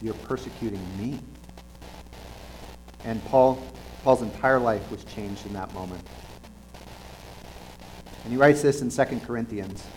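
A man preaching a conversational sermon in an earnest, halting way, often restarting his sentences. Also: mid-range voice, slight background noise, low-quality recording.

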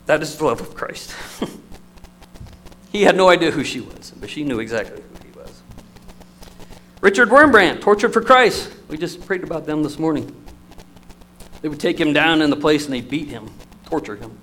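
A man's voice: a little high, moderate pace, pauses often, poor audio. Man preaching an emotional sermon. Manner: storytelling, emotional, lively shifts in loudness.

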